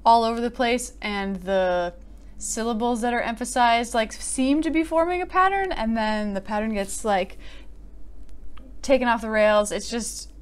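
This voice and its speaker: A woman giving a casual poetry critique, chatty and amused, often filling pauses with "like.". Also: fairly high pitch, clean tone. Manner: chatty, frequent "like" fillers, amused. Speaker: poet and video host.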